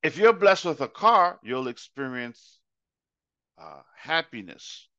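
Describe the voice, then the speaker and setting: A man preaching a casual Bible study with a bright, forceful voice, acting out little scenes and repeating lines for emphasis. The sound is dry and a bit dull. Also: medium pitch, sing-song, slow pace, dry recording. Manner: illustrates with acted-out examples and repetition. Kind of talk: conversational sermon.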